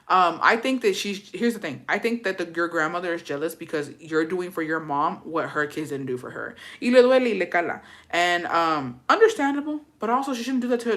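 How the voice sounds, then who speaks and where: A woman reads viewer gossip in a casual, chatty style, with a bright, sharp tone. She reacts loudly and profanely and slips in Spanish words now and then. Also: lowish voice. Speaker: host reading viewer stories.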